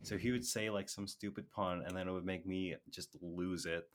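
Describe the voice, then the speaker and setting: Laughing, chatty young man, slightly low voice. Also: steady tone, moderate pace. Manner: laughs often, storytelling with many "like" fillers. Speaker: podcast co-host and music teacher. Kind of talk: casual chat.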